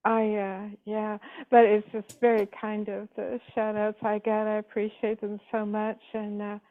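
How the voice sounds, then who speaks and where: A woman's voice: mid-range voice, monotone, unhurried, no room sound. An older woman from California calling in by landline, rambling with many ums and uhs. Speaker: caller. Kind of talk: casual phone call. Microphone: landline phone. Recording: tinny landline phone call.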